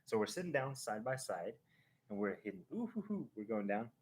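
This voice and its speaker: Male stream host, lowish voice, casual rambling storyteller who acts things out. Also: a little fast, a little hiss or hum. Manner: animated, acting out a ride with sound effects; rambling, with restarts and fillers.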